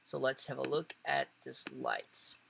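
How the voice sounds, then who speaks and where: Gravelly, bright-voiced male language teacher. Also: medium pitch, unhurried. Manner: relaxed, chatty, acts out reactions. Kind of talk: casual video lesson.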